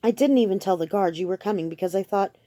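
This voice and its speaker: A woman's voice: mid-range voice, quick pace, mellow, dry recording, close to an everyday voice. A woman voicing an earnest young female servant who speaks directly and with hurt indignation, in a dry, close recording.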